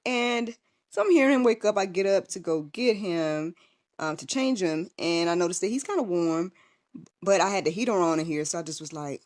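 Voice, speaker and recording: A woman's voice: medium pitch, animated, moderate pace. A young woman telling a personal story in a casual livestream, chatty and full of fillers and restarts. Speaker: vlogger and podcast host.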